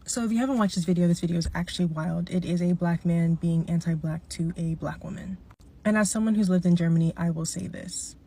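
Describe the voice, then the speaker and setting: A woman's voice: on the low side, a little fast, dark tone, a little hiss or hum. A woman giving earnest, reflective reaction commentary on a video.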